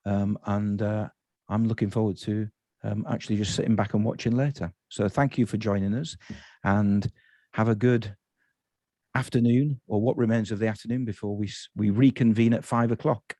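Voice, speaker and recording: A man's voice: fairly low pitch, fairly even intonation, moderate pace, mellow, dry recording. A man hosting an online festival session, asking rambling questions and correcting himself as he goes.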